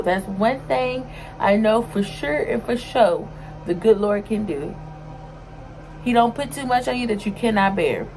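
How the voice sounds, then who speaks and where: A woman's voice: medium pitch, a little mellow, rough recording. A young woman talking casually to her vlog audience in an emotional, sometimes tearful way, with many fillers. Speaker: vlogger.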